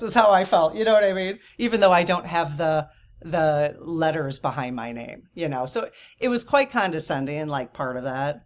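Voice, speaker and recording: A woman in her fifties telling a story to camera in a casual, animated and indignant way, with lots of fillers and asides. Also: low-pitched, moderate pace. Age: 50s. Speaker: vlogger.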